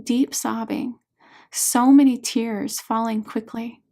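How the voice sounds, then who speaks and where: A woman author narrating her own audiobook in a soft, measured way. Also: on the high side, fairly even intonation, gravelly.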